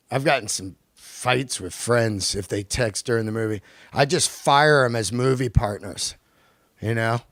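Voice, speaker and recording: A male podcast host delivering a profane, animated comedic rant on his own. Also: mid-range voice, unhurried, dry recording, studio quality. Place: lives in Los Angeles.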